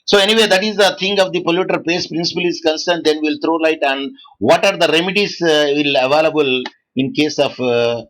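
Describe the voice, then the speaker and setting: Halting man lecturing. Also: fairly high pitch, fairly even intonation, fairly bright tone, low-quality recording. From South India. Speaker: law lecturer. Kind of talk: online lecture to students.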